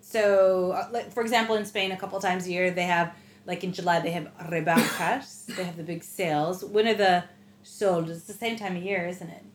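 A woman's voice: lowish voice, fairly even intonation, normal speed. Woman, lesson host, chatty questioner, echoey room. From United States. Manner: chatty, asks short prompt questions. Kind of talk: casual language lesson. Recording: echoey room with faint noise.

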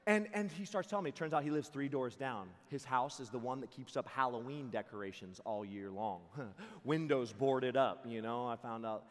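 A young man preaching at a camp, telling comic stories in an animated way full of "like" and "dude.". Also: medium pitch, moderate pace, in a large hall. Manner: animated, joking, lots of "like" and "dude". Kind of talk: comic storytelling sermon.

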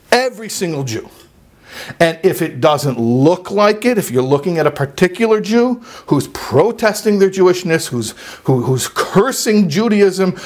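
A man telling a personal story in a sermon, animated and emphatic, sometimes dropping low and quiet for serious points. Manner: animated, jumps to high emphatic peaks. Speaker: religious speaker.

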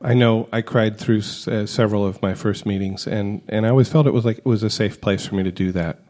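A man's voice: fairly low pitch, fairly even intonation, brisk, dark tone. A man on a recovery podcast panel, speaking hesitantly with many fillers. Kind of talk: casual podcast discussion.

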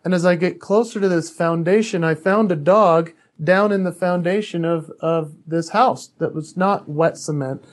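A man's voice: high-pitched, moderate pace, few pauses. A man who is an author and speaker, a podcast guest telling a personal story in an earnest, candid way, often restarting his sentences.

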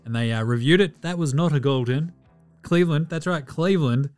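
A slightly high-voiced Australian man hosting a basketball podcast in a loose, profane, joking way. He rattles off stats and slips into quick mock voices, with faint music running underneath. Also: darkish tone. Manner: profane, joking, mimics players in asides. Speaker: podcast host. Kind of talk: casual sports chat.

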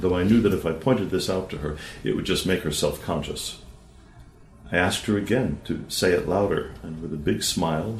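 A man, a therapist, reading a case study aloud in a measured, calm storytelling manner and voicing the dialogue he quotes. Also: sits low, roomy sound, rough recording.

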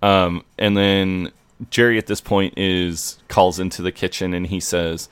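A man's voice: low-pitched, flat delivery, measured pace, smooth, no room sound. A man co-hosting a podcast, casually recapping a TV episode scene by scene and swearing freely. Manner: loose and profane, retelling scenes line by line. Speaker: podcast co-host.

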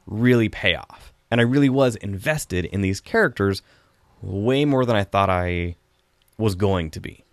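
A man's voice: lowish voice, no room sound, clean studio sound. A man hosting a casual podcast chat, reviewing a film in a rambling, chatty way with frequent laughs.

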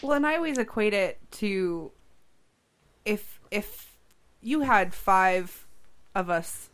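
An American woman co-hosting a casual podcast, with a mid-pitched voice. She talks in an animated way, laughs a lot and swears freely. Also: takes it slowly. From United States. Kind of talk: casual chat.

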